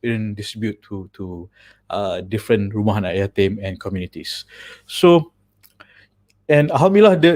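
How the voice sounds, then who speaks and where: A man's voice: mid-range voice, a little mellow. A man with a Malaysian accent, hosting a casual chat, telling stories chattily, switching languages mid-sentence and laughing often. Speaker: host.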